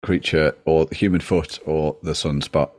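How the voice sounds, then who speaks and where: A man's voice: very deep voice, steady tone, normal speed, a little mellow. A man co-hosting a casual podcast, trading sweary banter and reading out strange news. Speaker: podcast co-host. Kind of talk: casual chat.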